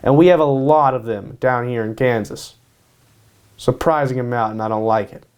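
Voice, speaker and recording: A man's voice: medium pitch, moderate pace, darkish tone, smooth. A man hosting his own show, giving casual sports predictions in a hyped way, repeating his picks and tacking "baby" onto them. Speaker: host. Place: home in Kansas.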